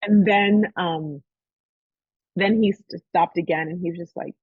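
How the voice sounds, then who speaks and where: An unhurried podcast host with a lowish, slightly rough voice shares a personal story casually, bringing it to life by performing the quoted voices. It sounds phone-quality, with no room sound.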